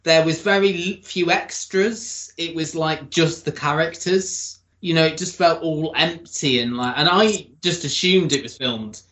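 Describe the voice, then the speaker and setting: Hosting a TV review podcast, a man with a slightly high, sharp-toned voice talks a little slowly and hardly pauses. His casual chat is sprinkled with chuckling asides, recorded with a roomy echo.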